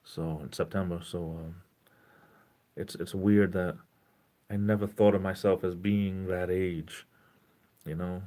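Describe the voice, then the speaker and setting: A man in his forties chatting casually on a live stream in a gentle, caring tone, rambling and breaking off mid-sentence as he greets viewers. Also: deep voice, level tone, measured pace, pauses often. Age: 40s. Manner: rambling, self-interrupting, greets chat viewers.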